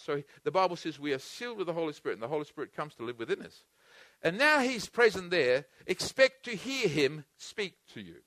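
A man preaching a sermon, earnestly and repetitively, swinging between loud emphatic bursts and hushed, intimate passages. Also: high voice, no echo, clean studio sound. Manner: repetitive, earnest, with frequent restarts.

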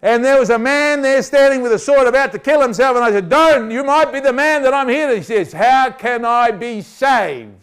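A steadfast apostle earnestly explains his calling, as a preacher puts him on. The voice sits fairly high and rises with his earnestness. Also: moderate pace, hardly any pauses, a bit bright, smooth.

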